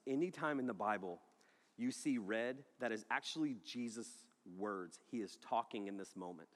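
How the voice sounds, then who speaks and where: A man preaching to a congregation, telling a story with jokes and acting out the people in it. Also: medium pitch. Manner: animated, joking storyteller who acts out the people in his story. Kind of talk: sermon with storytelling. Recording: long hall reverb.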